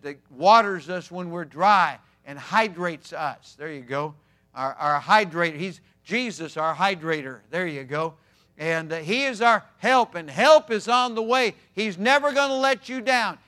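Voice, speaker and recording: Male pastor, high bright voice, emphatic sermon delivery with loud and soft swings.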